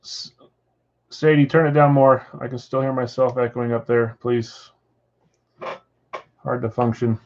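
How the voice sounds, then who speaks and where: A man's voice: medium pitch, flat delivery, measured pace, long pauses, lo-fi sound. A man hosting a live card-break stream from home, chatting casually and reading viewer comments aloud. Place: house with a floor above.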